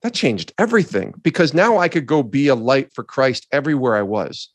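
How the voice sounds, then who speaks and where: A man's voice: medium pitch, a little fast, no room sound. Earnest man telling a story, dry close sound. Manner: earnest, animated storyteller who acts out quoted people. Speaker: podcast co-host. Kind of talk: storytelling in a conversation.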